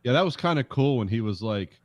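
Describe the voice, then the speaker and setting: A man's voice: medium pitch, animated, fairly quick, no room sound. A man co-hosting a casual movie podcast, rambling with hesitant restarts and acting out little quotes. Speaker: podcast co-host.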